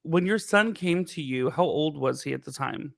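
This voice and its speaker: A man's voice: fairly high pitch, moderate pace, vocal fry, a bit bright, no room sound, studio quality. A man hosting a podcast, asking questions in a loose, rambling way full of fillers and easy laughter. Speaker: podcast host. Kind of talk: casual interview chat.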